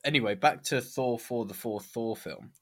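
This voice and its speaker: A man's voice: medium pitch, normal speed, no room sound, studio quality. A young man co-hosting a podcast, telling a story in casual chat and laughing through it often. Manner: giggly storyteller, frequent laughs. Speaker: podcast co-host.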